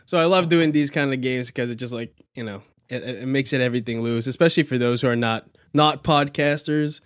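A man's voice: mid-range voice, fairly quick, no room sound. Encouraging male podcast host, dry sound. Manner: encouraging, laughing along. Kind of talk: casual chat.

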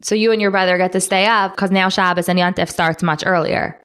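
A woman's voice: on the low side, steady tone, brisk, a bit bright, smooth. A young adult woman hosting a panel interview with children, enthusiastic and encouraging, often dropping Yiddish and Hebrew words.

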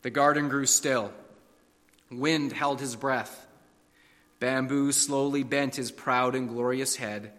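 A man's voice: mid-range voice, steady tone, slow pace, fairly bright tone, in a large hall. A man preaching a sermon, telling stories and fables with a dramatic, varied delivery. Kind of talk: sermon with storytelling.

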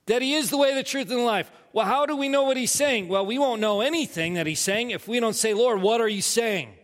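A middle-aged male pastor preaching a sermon with animated delivery, laughing asides and repeated words. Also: extremely high pitch, fast talker, big-room sound.

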